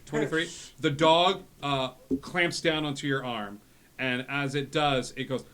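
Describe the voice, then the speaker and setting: A man running a tabletop game as game master, speaking in a relaxed way with many fillers. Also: on the high side, a little slow, clean tone. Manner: relaxed, frequent filler words.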